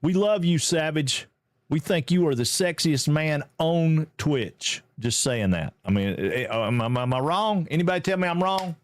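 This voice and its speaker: A man from Georgia with a Southern American accent, hosting a live game stream in casual, upbeat chat and greeting viewers excitedly. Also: a little high, normal speed. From Georgia, USA.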